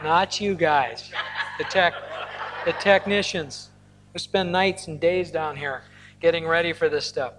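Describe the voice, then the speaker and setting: A man's voice: high-pitched, moderate pace, slight background noise. A man delivers a sermon to a congregation, mixing teaching with personal stories and playful asides. His voice rings out through a large hall with a long reverb tail. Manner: storytelling, animated asides with laughter. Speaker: pastor. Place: large hall or church auditorium.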